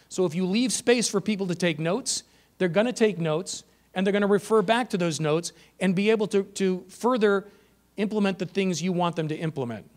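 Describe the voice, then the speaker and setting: A man giving a conference presentation to teachers, energetic and emphatic, shifting his pace for effect. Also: high-pitched. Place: conference room.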